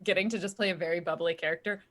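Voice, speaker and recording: A woman's voice: lowish voice, fairly even intonation, rapid-fire, crowd noise. A woman chatting casually as a player at a tabletop game, giggling often between lines.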